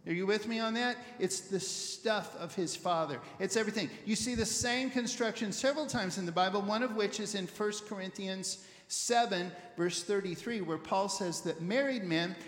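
A male pastor giving a conversational sermon as an animated storyteller who repeats words while he thinks. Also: sits high, normal speed, hardly any pauses. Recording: echoey hall with long reverb.

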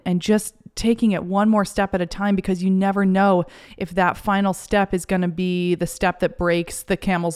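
Smooth low-voiced woman host. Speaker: podcast host. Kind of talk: casual interview chat.

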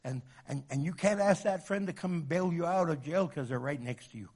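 Emphatic preaching man, higher voice. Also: brisk, breathy edge. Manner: emphatic, swinging from loud to hushed. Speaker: pastor. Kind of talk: sermon.

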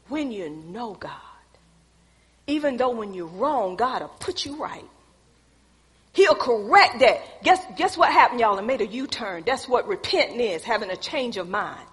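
A woman preaching a sermon, moving from soft storytelling to loud emphatic exhortation. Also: a little high, expressive, moderate pace, breathy edge, long reverb tail. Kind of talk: sermon with personal testimony.

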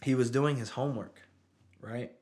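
A man's voice: medium pitch, moderate pace, darkish tone. A man in his thirties, a father telling a story in casual conversation, who often asks "you know what I'm saying". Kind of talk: casual chat.

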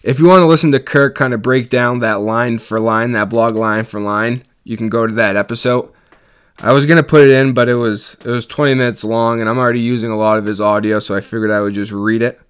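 A man hosting a podcast, narrating a recap in a steady storytelling way with plain asides. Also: mid-range voice, brisk, clean tone. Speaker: podcast host.

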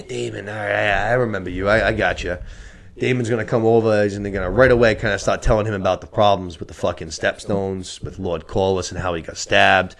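Animated man recapping a show, swearing freely. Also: on the low side, creaky. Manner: animated, swears a lot, acts out characters in quick asides. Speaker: podcast host. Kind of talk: casual chat recapping a TV episode.

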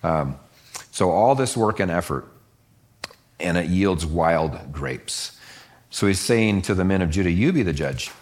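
A man's voice: measured pace, pauses often. A middle-aged man teaching a Bible passage casually, explaining the verses conversationally and acting out the voices of the listeners. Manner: conversational, acts out voices of the listeners with lively pitch jumps.

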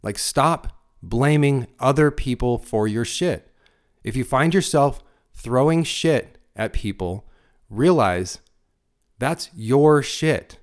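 A man's voice: mid-range voice, animated, slow. A middle-aged man and father giving blunt, crude life advice in a motivational monologue, full of emphatic rhetorical questions.

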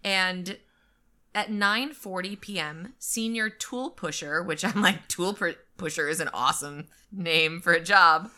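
A woman's voice: on the low side, a little slow, sharp tone. A woman co-hosting a podcast in casual chat, retelling a story and acting out quotes in silly voices. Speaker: podcast co-host.

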